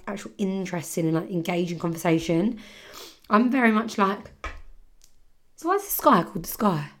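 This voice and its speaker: A young woman hosts her own podcast, chatting casually and rambling with lots of "like", her voice a little rough from a sore throat. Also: mid-range voice. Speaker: podcast host. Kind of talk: casual solo podcast chat.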